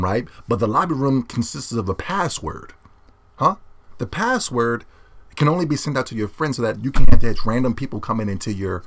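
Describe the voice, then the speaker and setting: A young man ranting about video games as a YouTuber, brash, boastful and profane, swinging between loud yelling and low muttering. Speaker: gaming YouTuber.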